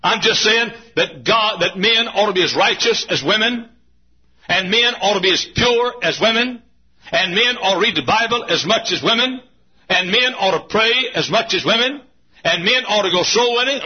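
A man preaching a sermon in a church, folksy and often shouting, laughing along as he goes. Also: sits high, animated, moderate pace, muffled recording. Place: church auditorium.

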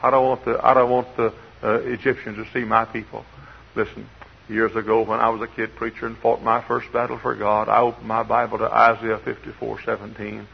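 Gravelly-voiced preacher man, old lo-fi recording. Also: lowish voice, flat delivery, fairly quick, a little hiss or hum. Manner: swings from quiet asides to shouted exhortation. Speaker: pastor. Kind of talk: sermon.

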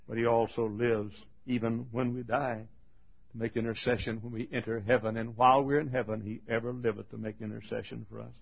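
This man preaches a fiery funeral sermon with a steady tone at a moderate pace, his voice carrying vocal fry and a breathy edge. He swings from high shouted cries to quiet low tones, laughs between phrases, and the recording sounds dull and lo-fi.

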